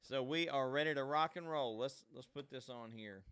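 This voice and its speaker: A man's voice: mid-range voice, normal speed, heavy background noise. A man hosting a live online show alone, chatting casually and folksily straight to his viewers. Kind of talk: casual livestream chat.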